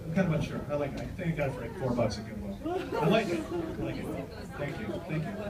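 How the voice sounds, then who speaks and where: A man in his forties doing a stand-up set on a club stage, brash, with loud punchlines and banter with the crowd. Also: fairly high pitch, huge pitch swings, quick pace, far from the mic. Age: 40s. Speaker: stand-up comedian. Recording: roomy club with crowd laughter. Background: audience laughing.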